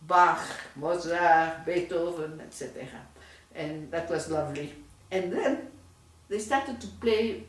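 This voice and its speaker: An older woman from Europe, a retired doctor, giving an oral history interview in slow, digressive, reflective stories. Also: fairly low pitch, far from the mic. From Europe, France and Belgium. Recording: roomy echo, voice from off-mic.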